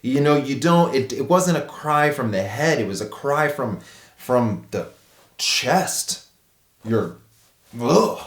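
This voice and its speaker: A man in his thirties who vlogs in a relaxed, animated way and throws in "dude" and "bro" a lot. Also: fairly high pitch, measured pace. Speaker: vlogger. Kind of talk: casual storytelling vlog. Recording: echoey room.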